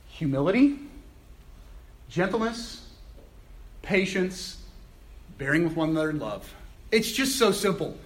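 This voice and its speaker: A pastor delivers a sermon in a conversational, animated way. His voice sits a bit high with a slightly husky edge, and his pitch swings widely as he exclaims and laughs between points.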